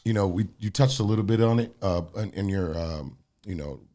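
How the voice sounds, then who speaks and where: A man's voice: deep voice, a little fast, warm tone. An American man co-hosting a podcast, asking a long, rambling question filled with "uh" and "you know.". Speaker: podcast co-host. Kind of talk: casual interview questions.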